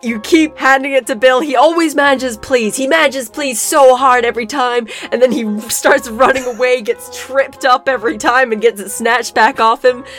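A woman's voice: sits high, fairly even intonation, normal speed, few pauses, a bit bright, faint music behind. A woman narrating a tabletop game as game master in a casual, laughing way.

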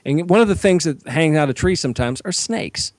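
A man's voice: fairly high pitch, brisk, no room sound. Swearing man telling a story. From Georgia, US. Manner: animated, swears constantly, acts out his own shouts. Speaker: podcast co-host. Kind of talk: profane comic storytelling.

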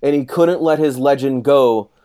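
At a moderate pace and mid-range pitch, a man in his thirties delivers a rowdy tale in casual chat. He swears openly and brings other people's quotes to life with animated acting.

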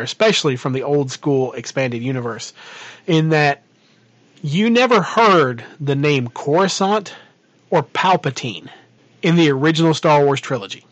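A man's voice: fairly high pitch, no echo, highs cut off. A man co-hosting a casual podcast chat, rambling with many fillers and restarts as he plans a tabletop game. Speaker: podcast co-host and game master.

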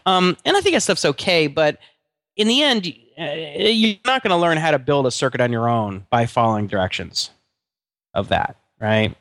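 A man's voice: a little high, lively intonation, moderate pace, fairly bright tone, no echo, clean studio sound. A middle-aged man co-hosting a podcast in casual chat, rambling with many restarts and fillers. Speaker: podcast co-host.

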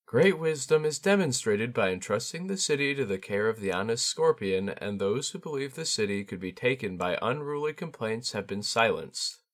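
Polite young court lady with formal speech, a man doing her, pitched higher than his own voice, storybook reading. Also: lively intonation, normal speed, hardly any pauses, lightly acted. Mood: courtly. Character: gracious young noblewoman courtier, polite and careful.

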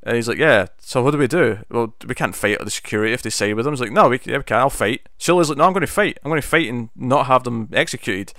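A man's voice: mid-range voice, quick pace, few pauses, a bit bright, dry recording, clean studio sound. A man co-hosting a casual podcast, reviewing a TV episode and retelling its scenes with bursts of animation. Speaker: podcast co-host.

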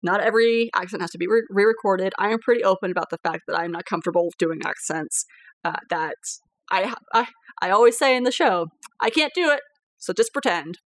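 A woman hosting a podcast as game master, chatting casually, animated, swearing freely and laughing often. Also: medium pitch, brisk, no room sound.

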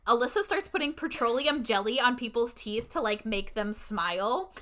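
A young woman casually recapping a story, chatty, acting out lines in quick voices. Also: fairly high pitch, lively intonation, pushed and bright.

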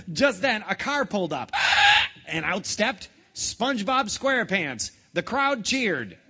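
A man's voice: high-pitched, slow pace, pauses often, slightly rough. A man playfully reading a picture book aloud to children, joking in between. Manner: playful, jokey, animated. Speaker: storybook reader for children.

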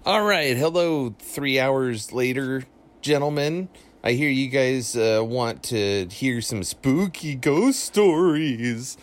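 A man's voice: medium pitch, lively intonation, takes it slowly, a little hiss or hum. A young man telling a spooky story from his childhood in a loose, rambling way, full of fillers and restarts. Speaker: listener calling in a story. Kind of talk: casual spoken ghost story.

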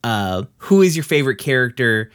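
A man's voice: mid-range voice, very animated, normal speed, a bit bright, clean tone. A man with a Southern US accent hosting a podcast, talking in a loose, rambling way, swearing and laughing easily. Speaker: podcast host. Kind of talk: casual podcast chat.

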